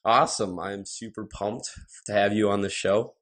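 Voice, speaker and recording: A man's voice: lowish voice, fairly even intonation, moderate pace, a bit bright, no room sound. A man with a Midwestern American accent from Wisconsin, hosting a podcast interview in an eager, upbeat way. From Wisconsin, USA. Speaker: podcast host.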